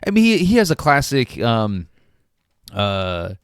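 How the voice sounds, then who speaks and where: A man co-hosting a podcast, talking about a film in a halting way, full of restarts and ums. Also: medium pitch, wildly swooping pitch, clear, resonant tone, no echo, studio quality. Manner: hesitant, many restarts and ums. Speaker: podcast co-host. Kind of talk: casual movie review chat.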